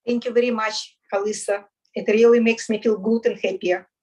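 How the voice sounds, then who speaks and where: A woman's voice: a little high, steady tone, moderate pace, a little mellow, rough recording. A woman in an online group speaking politely, with frequent hesitations. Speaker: discussion group participant. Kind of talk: casual group chat.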